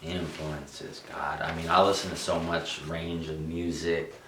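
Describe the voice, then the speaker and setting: A young adult man answering interview questions with lively storytelling, acting out quotes and restarting often. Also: deep voice, a little slow, slight background noise. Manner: animated storyteller, acts out quotes, frequent restarts. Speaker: musician interviewee. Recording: roomy, distant mic.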